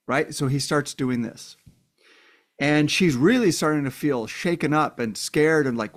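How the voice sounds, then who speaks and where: A man's voice: a little high, unhurried. A man talking casually and bluntly, filling his speech with "like" and swearing now and then while acting out heated quoted lines. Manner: acts out quoted voices of an angry abuser and a victim in heated tones; blunt, swears, many "like" fillers. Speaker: commentator. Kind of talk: casual spoken commentary.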